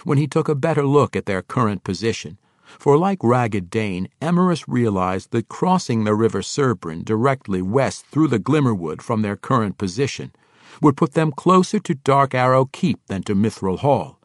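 A man narrating a fantasy audiobook in an expressive storytelling manner on a close microphone. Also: lowish voice, moderate pace, no room sound. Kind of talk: scripted narration.

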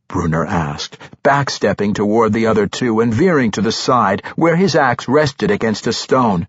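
Male audiobook narrator, fantasy novel, husky voice, lively pitch, dull dry recording. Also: dry recording. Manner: expressive storytelling, slows for suspense.

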